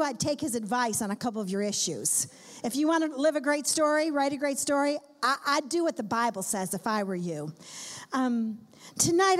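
A woman with a high, ringing voice preaches a sermon at a conference. She is emphatic and addresses the audience directly, stacking her points in long repeated lists. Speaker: conference speaker. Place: conference hall before a live audience.

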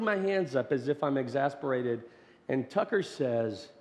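A man preaching a sermon as pastor, telling a family story and swinging from loud, animated passages to hushed, gentle ones. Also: mid-range voice, unhurried. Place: church sanctuary. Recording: long hall reverb.

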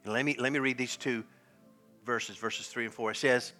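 A middle-aged man preaching a sermon as pastor, animated and laughing often, swinging from loud exclamations to hushed, quiet lines. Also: mid-range voice, normal speed, faint music behind.

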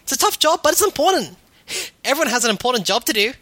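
A woman's voice: high-pitched, big pitch swings, fast, a bit bright, exaggerated voice. A woman doing a bubbly, glubbing sea troll girl. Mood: cheerful. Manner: peppers speech with fishy "glub" noises. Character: bubbly, hyper-excited young female sea troll. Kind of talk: fan reading of chat logs.

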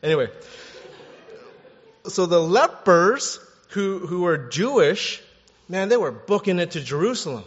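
A man preaching a sermon in a lively, conversational way, acting out quotes and repeating words as he goes. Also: sits high, moderate pace. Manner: animated, conversational, acts out quotes, restarts words. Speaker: pastor. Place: church hall. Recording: echoey hall, dull sound.

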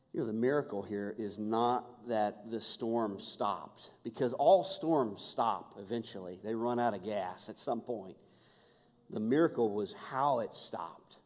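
A man preaching a sermon, moving between urgent, raised passages and hushed, quiet ones. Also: mid-range voice, long reverb tail. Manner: dynamic, swings from urgent to hushed. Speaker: pastor.

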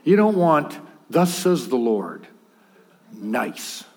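A man's voice: mid-range voice, sing-song, very slow, heavy background noise. A man preaching a sermon in a conversational, humorous way, with acted asides.

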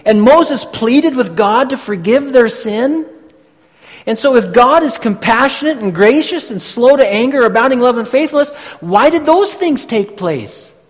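A man preaching a sermon, teaching slowly and deliberately with emphatic pauses. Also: extremely high pitch, lively intonation. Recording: long hall reverb.

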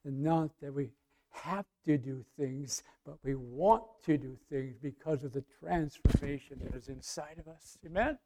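A man preaching a sermon in a conversational way, asking the congregation questions and swinging from quiet asides to loud emphasis. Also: a little high, measured pace.

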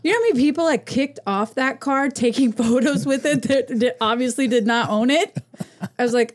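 A woman who chats casually as a podcast guest, telling animated, swearing stories and acting out what people said. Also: high voice, a little fast. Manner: animated, swearing storyteller who acts out voices. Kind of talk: casual chat.

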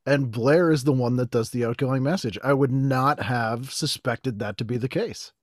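A man in casual podcast conversation, tossing off wry asides in an even middle register. The recording is dry and close. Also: mid-range voice, dry recording. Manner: wry, quick asides with frequent laughter. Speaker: podcast co-host. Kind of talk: casual chat.

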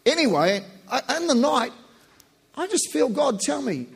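Man, pastor, impassioned sermon, high voice, slow deliberate delivery. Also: big pitch swings, vocal fry. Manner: impassioned, shouting at peaks then slow and hushed in prayer. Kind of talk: sermon and prayer.

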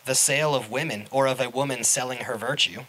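A man's voice: medium pitch, quick pace, pushed and bright, low-quality recording. A man co-hosting a podcast, chatting casually with dry humor and reading items off a list. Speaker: podcast co-host. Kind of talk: casual chat.

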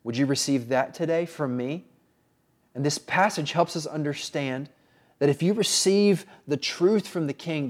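A man preaching a sermon in an earnest way, often pausing and restarting. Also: on the high side, a little mellow. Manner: earnest, with frequent pauses and restarts. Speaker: pastor.

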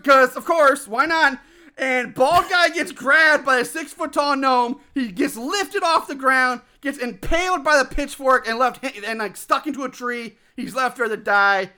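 A man hosting a casual movie review podcast, ranting excitably and swearing a lot. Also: very high-pitched, unhurried. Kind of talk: casual chat.

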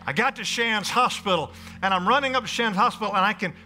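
Bright, emphatic preaching man. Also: sits high, fast talker, soft background music, rough recording. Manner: emphatic preacher, calls out to the congregation. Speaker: pastor. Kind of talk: sermon. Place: church sanctuary before a congregation.

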